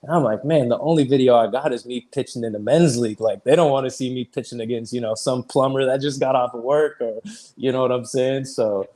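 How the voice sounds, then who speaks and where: A man in his thirties, a pitcher guest on an interview show, telling his story casually, peppered with "like" and easy laughs. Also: a little fast, dark tone. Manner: chatty, fills speech with "like", retells conversations; laughs easily while telling stories.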